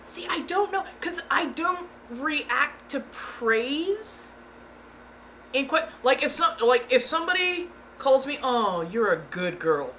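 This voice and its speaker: A woman's voice: high-pitched, takes it slowly, bright, forceful tone, slight background noise. A woman streamer chatting casually, frank and giggly, sometimes putting on playful voices. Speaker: ASMR streamer. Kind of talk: casual chat.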